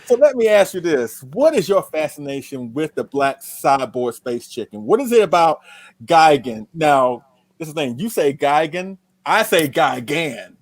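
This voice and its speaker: A man's voice: on the high side, sing-song, moderate pace, no echo. A man hosting a live-stream interview, asking questions in a playful, teasing way. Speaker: show host, interviewer.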